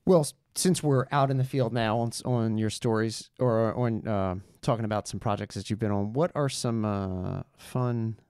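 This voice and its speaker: A podcast host interviewing guests in a relaxed way, joking with them and often restarting sentences. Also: mid-range voice, normal speed, hardly any pauses, clear, resonant tone, no room sound, clean studio sound. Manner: stammering restarts, playful quips. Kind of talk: conversational interviewing.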